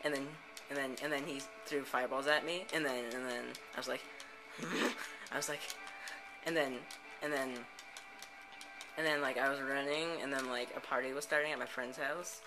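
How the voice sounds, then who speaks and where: A man's voice: medium pitch, steady tone, moderate pace, low-quality recording. Rambling man telling a made-up story. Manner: rambling, full of "and then, like" restarts. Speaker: let's play host. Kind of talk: improvised spoken story. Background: background music.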